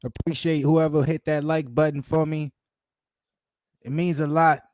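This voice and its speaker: A man's voice: a little high, flat delivery, a little slow, darkish tone, no echo. A man hosting a live fight watch-along, talking in a hyped, slangy way and repeating his exclamations. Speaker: channel host.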